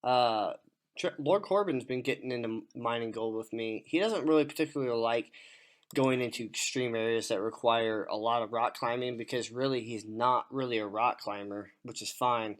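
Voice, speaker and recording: A man's voice: mid-range voice, moderate pace. A man co-hosting a podcast, chatting casually, swearing often and telling rambling stories. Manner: profane, rambling storyteller; acts out voices in his stories. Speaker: podcast co-host.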